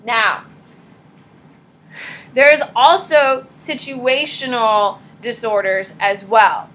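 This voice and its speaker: A pregnant woman teaching a high school psychology class in a casual, blunt lecture style, talking straight to her students. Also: fairly even intonation, slow pace, a bit bright, rough recording.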